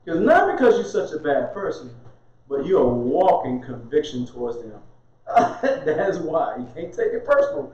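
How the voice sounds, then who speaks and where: A man delivers a chatty, lively sermon in a somewhat high voice. He keeps laughing and answers his own questions. The sound is heavily echoey and muffled. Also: moderate pace. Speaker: minister. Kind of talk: informal conversational sermon.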